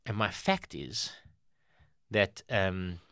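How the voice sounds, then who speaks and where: A man's voice: low-pitched, big pitch swings, drawn-out words, pushed and bright, dry recording, studio quality. A South African man co-hosting a comedy trivia show, telling facts in a laid-back way with easy banter. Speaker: co-host.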